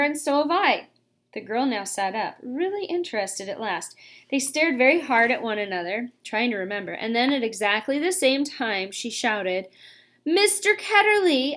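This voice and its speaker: A woman reading a children's story aloud, narrating and voicing the dialogue in a lively way. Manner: lively, reads dialogue with raised pitch. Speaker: audiobook reader. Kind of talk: storybook narration with character voices.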